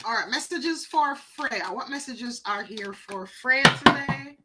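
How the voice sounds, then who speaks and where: Woman, oracle card reader, high-pitched, bright tone, chatty, repeats herself for emphasis. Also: a little slow, slight background noise, poor audio. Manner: chatty, addresses viewers by name. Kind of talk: live oracle card reading.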